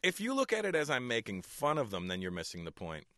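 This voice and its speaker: Bright-voiced male comedian, chuckling. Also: medium pitch, fast, no echo, studio quality. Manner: chuckles often, relaxed storytelling. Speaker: stand-up comedian, guest. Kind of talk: casual interview talk.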